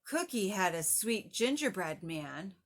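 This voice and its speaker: A woman reading a children's picture book aloud in an animated, sing-song way. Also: medium pitch, measured pace. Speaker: storybook reader.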